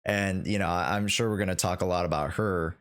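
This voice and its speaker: A man hosting a casual podcast chat on a headset, talking in a halting way with many restarts. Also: low voice, fairly even intonation, a bit bright, smooth. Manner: hesitant, many restarts and fillers. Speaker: podcast host.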